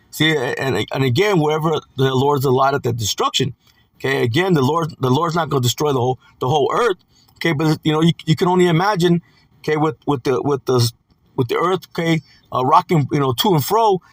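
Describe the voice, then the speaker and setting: A man with a fairly high voice gives a casual scripture teaching, dropping "man" and "okay" between phrases. He slows right down when reading verses. The sound is dry and close, with no room echo. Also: lively intonation. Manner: reads verses slowly and deliberately. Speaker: preacher.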